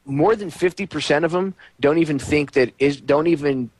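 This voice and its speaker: Rambling talk-radio host, dry sound. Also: male voice, on the high side, moderate pace, a little mellow, no room sound. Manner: rambling and conversational, with frequent stammers and fillers. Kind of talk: casual talk radio chat.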